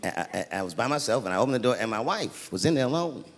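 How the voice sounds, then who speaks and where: A man doing live stand-up storytelling on a large theater stage. He is animated and swings from shouting to hushed, confiding asides. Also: mid-range voice, fast talker. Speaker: stand-up comedian. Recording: big hall echo with audience laughter. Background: audience laughter.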